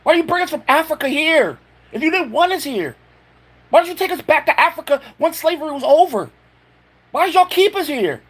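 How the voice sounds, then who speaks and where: A man's voice: extremely high pitch, animated, a little fast, a bit bright. A man ranting furiously to camera in a home vlog, profane and stammering with anger. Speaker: vlogger.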